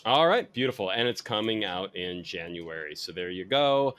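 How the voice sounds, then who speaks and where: A man's voice: deep voice, expressive, normal speed, a bit bright. A man hosting a podcast about wine and comics, talking casually and rambling through his plugs. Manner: rambling, self-correcting plugs. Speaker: podcast host.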